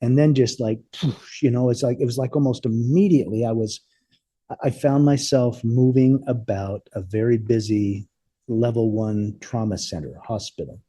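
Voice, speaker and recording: A man telling a personal story as an interview guest, speaking earnestly and haltingly, often repeating words as he goes. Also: mid-range voice, mellow, slightly rough, no echo.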